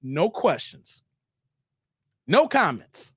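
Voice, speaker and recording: A man's voice: on the high side, big pitch swings, very slow, a bit bright, breathy edge, dry recording, studio quality. A man hosting a casual livestream, reading viewer comments and teasing them playfully with slang. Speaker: livestream host.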